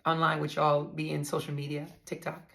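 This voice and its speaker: A woman's voice: low-pitched, monotone, fairly quick, gravelly, a bit bright. A woman vlogger candidly telling her own story to her viewers, blunt and profane, often calling them y'all.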